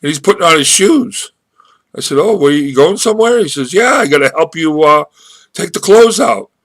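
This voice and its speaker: A man's voice: on the high side, animated, a bit bright, no echo. A man talking casually into his webcam, rambling and restarting his sentences as he tells a story and draws a marketing lesson from it. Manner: rambling, halting with many restarts. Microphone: webcam microphone.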